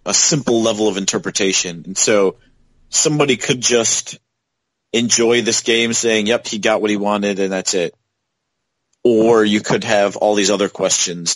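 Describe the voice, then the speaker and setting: A man's voice: fairly low pitch, no echo, poor audio. A man co-hosting a podcast in casual chat, talking thoughtfully and asking reflective questions. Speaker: podcast co-host.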